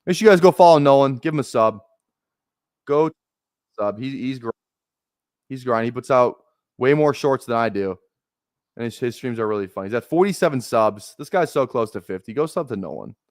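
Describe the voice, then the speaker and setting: A young man hosting a casual live stream, talking fast in rambling bursts with restarts and plenty of swearing. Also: mid-range voice, lively intonation, darkish tone, dry recording, clean studio sound. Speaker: fantasy football streamer.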